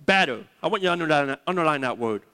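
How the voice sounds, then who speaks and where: A man with a slightly high voice and lively intonation races through a sermon as pastor, his tone bright, forceful, and clean. He stresses and repeats key words, prompting the congregation to say them aloud. Long reverb from a large hall fills the recording.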